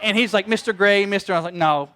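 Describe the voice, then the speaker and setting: A middle-aged pastor, preaching a sermon, telling stories and acting out quoted voices in an animated way. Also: male voice, high-pitched, quick pace.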